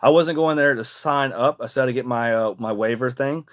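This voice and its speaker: Young male podcast host, mid-pitch, rambling and emphatic, swears casually. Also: normal speed. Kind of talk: casual personal storytelling.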